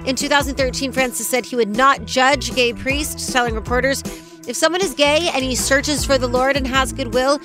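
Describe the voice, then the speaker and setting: A woman's voice: high-pitched, fairly even intonation, normal speed, music in the background. A woman co-hosting a morning talk show, chatting with a bubbly, laughing manner and reading news items. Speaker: radio show co-host.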